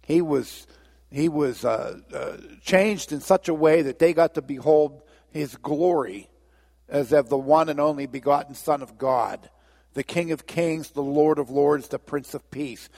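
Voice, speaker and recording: A man's voice: a little high, darkish tone, long reverb tail. A man preaching a sermon, telling Bible stories and briefly acting out the voices of the people in them. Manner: storytelling, acts out voices of biblical figures.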